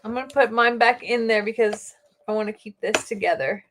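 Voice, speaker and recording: A middle-aged woman hosting a casual live stream, chatting excitedly with her viewers. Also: fairly high pitch, brisk.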